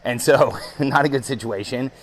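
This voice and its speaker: A man hosting a podcast, telling a story in an animated, excitable way with frequent ums. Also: medium pitch, normal speed, rough recording. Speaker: podcast host. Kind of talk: storytelling monologue.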